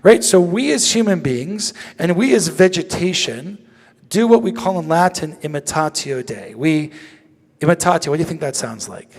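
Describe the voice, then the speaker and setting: A man teaching as a rabbi, lively and joking as he asks the audience questions. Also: on the high side, normal speed. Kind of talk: interactive teaching talk. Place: synagogue sanctuary. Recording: long reverb of a large hall.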